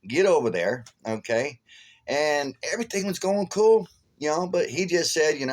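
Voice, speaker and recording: A man rambles through a casual vlog story, swearing freely and jumping up loud and sharp when he relives an argument. His voice sits at an ordinary middle pitch for a man. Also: brisk. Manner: profane, rambling, animated storyteller who flares loud when retelling anger. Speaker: vlogger.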